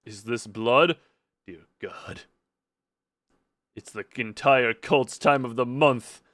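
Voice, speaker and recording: A man's voice: medium pitch, measured pace, a bit bright, no room sound. A man streaming a horror game, talking casually to himself and his chat with sarcastic asides. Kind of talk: casual live game commentary.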